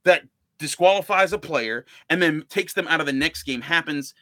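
Male sports talk co-host: high, bright, very animated ranting delivery, dry close mic. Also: dry recording. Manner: animated, ranting, quick to laugh. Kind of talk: casual sports debate.

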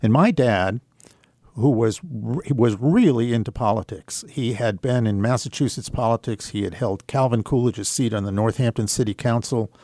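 An older man telling a personal story on talk radio in a measured, reflective way, with hesitant pauses and fillers. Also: medium pitch, a little mellow, no room sound, studio quality. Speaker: radio guest.

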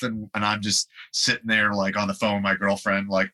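Low-voiced man telling rambling stories. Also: little pitch movement, a little fast, hardly any pauses, sharp tone. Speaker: guest musician. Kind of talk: casual anecdotal storytelling.

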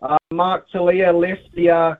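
A man's voice: high-pitched, little pitch movement, measured pace, a little hiss or hum. A man calling in to a sports radio show, talking rugby with lots of ums and uhs. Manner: hesitant, many fillers. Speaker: caller. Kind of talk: phone-in sports chat. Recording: phone line.

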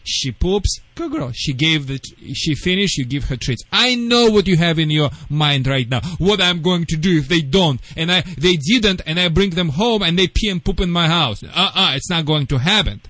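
A man who is not a native English speaker gives radio call-in advice as a dog trainer, with a fairly high voice. He talks in broken English and lays out emphatic step-by-step instructions. The sound is dry and close, with no room behind it. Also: expressive, moderate pace, hardly any pauses, pushed and bright, no room sound.

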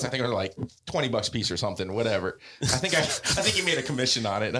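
A man guesting on a podcast, telling fishing and travel stories in a casual, animated way, acting out quotes and laughing often. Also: mid-range voice, fast, slight background noise. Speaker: podcast guest, offshore fisherman. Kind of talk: casual storytelling.

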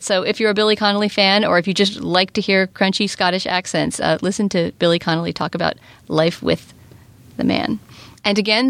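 Fast-talking chatty woman podcast host. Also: medium pitch, creaky, a bit bright, no echo. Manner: fast, talkative, enthusiastic. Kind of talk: casual podcast chat and sponsor read.

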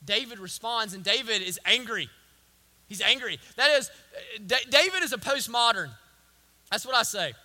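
Emphatic young male pastor, bright tenor. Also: very high-pitched, lively intonation, normal speed. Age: young adult. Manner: swings from hushed to loud, emphatic preaching; repeats phrases with restarts. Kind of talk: sermon.

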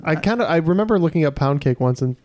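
A man playing as a trivia guest, explaining his answers in a measured, deadpan way. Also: fairly high pitch.

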